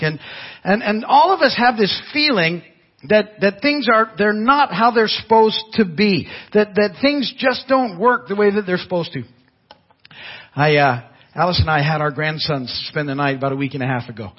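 A man's voice: sits high, breathy edge. An older man preaching a sermon as pastor, telling folksy stories with frequent restarts. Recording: dull lo-fi church audio.

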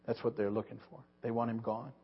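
A husky-voiced pastor talks fast and in a monotone at medium pitch, meandering through a sermon as he keeps restarting and repeating words. The lo-fi recording sounds dull and carries a long hall reverb.

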